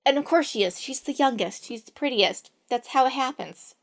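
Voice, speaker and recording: Playful storyteller, casual retelling with wry asides; woman, high voice. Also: expressive, normal speed. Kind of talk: casual fairy tale retelling.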